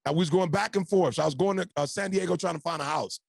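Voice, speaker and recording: High, gravelly man preaching motivation. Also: fast, no room sound. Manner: preacher-like, punchy, addresses the audience as y'all. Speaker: motivational speaker, podcast guest. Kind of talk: emphatic motivational storytelling.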